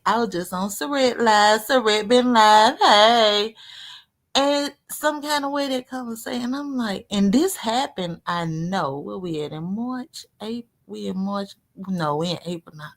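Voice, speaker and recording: A woman in casual live-stream chat, rambling through a story with big swings in pitch and loudness.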